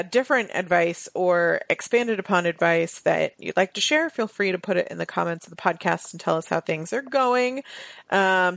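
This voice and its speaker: A woman's voice: on the low side, creaky, a bit bright, dry recording. A woman from Massachusetts, co-hosting a casual podcast chat and giggling nervously at awkward topics. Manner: giggly, squeamish about the topic. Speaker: podcast co-host. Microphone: home microphone, remote call.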